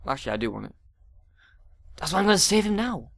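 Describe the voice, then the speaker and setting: Sweary gamer, lively bright voice. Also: male voice, high-pitched, quick pace, gravelly, no echo. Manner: profane, yells at the game in frustration. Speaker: let's play gamer. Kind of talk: gameplay commentary.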